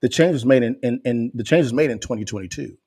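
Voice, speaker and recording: A man hosting a podcast, giving animated commentary to viewers and repeating phrases for emphasis. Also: mid-range voice, fast talker, slightly rough. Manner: emphatic, repeats phrases, rises to near shouting. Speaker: podcast host.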